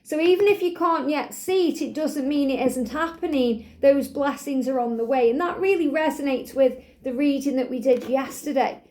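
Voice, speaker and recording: A woman giving a spiritual tarot card reading in a soothing, affirming manner, a little out of breath, repeating phrases slowly. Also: high voice, a little mellow.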